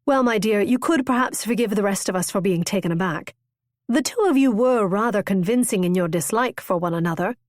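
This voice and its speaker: A woman voicing a gentle, tactful married lady who speaks kindly. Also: medium pitch, lively intonation, fairly quick, no room sound, studio quality, natural voice.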